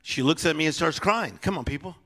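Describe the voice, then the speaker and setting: A man preaches a sermon over soft piano music, swinging between loud exhortation and hushed, low-key storytelling. His delivery is animated and a little fast.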